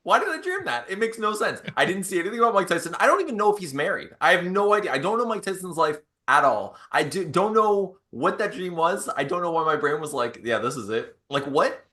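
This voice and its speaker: A man co-hosting a podcast, telling stories in a rambling, animated way with lots of fillers. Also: high voice, fairly quick, few pauses. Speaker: podcast co-host. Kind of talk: casual chat.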